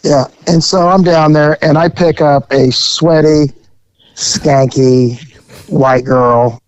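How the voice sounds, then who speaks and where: A man's voice: a little high, fairly even intonation, slow pace, clear, resonant tone, dry recording, dull audio. A man hosting a podcast, telling a story in a rambling, joking way. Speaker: podcast host.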